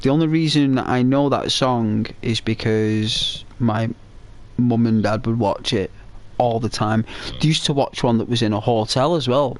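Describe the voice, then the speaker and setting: A man's voice: medium pitch, unhurried. A man casually chatting while playing a game, rambling and hesitant, full of fillers and restarts. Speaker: gaming channel host.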